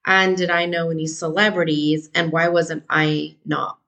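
A woman's voice: low voice, level tone, moderate pace, vocal fry, fairly bright tone, low-quality recording. A woman from California, a teacher hosting a solo podcast, talking casually and thinking aloud with frequent ums and rhetorical questions.

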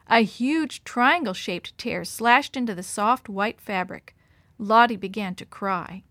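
A woman storyteller reading a children's story aloud in an expressive, animated way. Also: mid-range voice, no echo.

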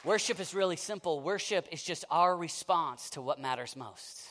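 A man preaches a passionate sermon, swinging between near-shouting and hushed intensity as he tells stories full of quick asides and acted-out quotes. His voice is a little high with lively intonation, and a faint crowd can be heard.

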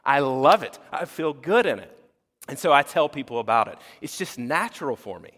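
A male pastor giving a sermon in a lively, conversational preaching style that acts out quotes. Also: medium pitch, normal speed, in a large hall.

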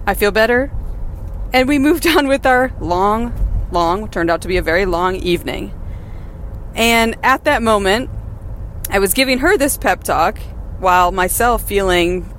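A woman's voice: medium pitch, animated, unhurried, fairly bright tone, a little hiss or hum. A woman hosting a podcast, talking candidly and encouragingly from her car, laughing now and then. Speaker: podcast host and mother. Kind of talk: casual personal monologue. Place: in a car while driving.

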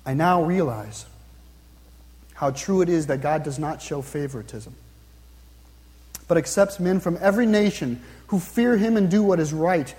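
A man preaching a sermon, earnestly posing questions to his listeners and slowing down to read scripture aloud. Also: high voice, darkish tone. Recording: long reverb, hall-like.

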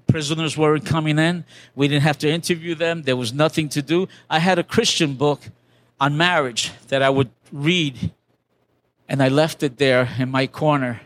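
A man's voice: a little high, a bit bright. Older male pastor telling a testimony. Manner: conversational, with restarts and acted-out quotes. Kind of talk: sermon testimony, storytelling.

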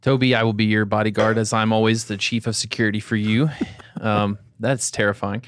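A man's voice: lowish voice, little pitch movement, fairly quick, a little hiss or hum. A man hosting a podcast, asking questions in a friendly, joking way. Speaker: podcast host. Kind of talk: casual interview chat.

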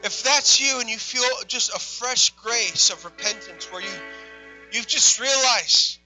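A young man preaches a sermon in a very high, piercingly bright voice. He moves from a quiet, confiding story to loud, impassioned appeals. Faint music sits underneath. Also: unhurried, poor audio.

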